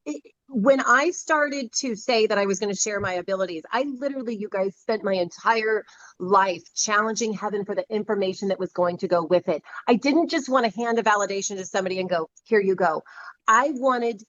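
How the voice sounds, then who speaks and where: A woman guest on an interview show, telling a long story in a lively, chatty way with many fillers, over a video call. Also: medium pitch, brisk, dull audio. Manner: animated, many fillers like "you know". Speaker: psychic medium guest.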